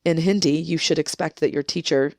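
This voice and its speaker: A woman guest on a conversational podcast, telling stories in an animated way, with emphatic stress and frequent restarts. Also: sits low, fairly quick, no room sound, clean studio sound. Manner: emphatic, many restarts and rising indignation. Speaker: guest, book contributor.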